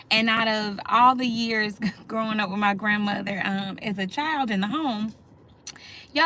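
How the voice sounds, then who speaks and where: A woman's voice: fairly high pitch, sharp tone. A middle-aged woman hosting a casual talk, speaking heartfelt and personal and calling her listeners "y'all". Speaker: host.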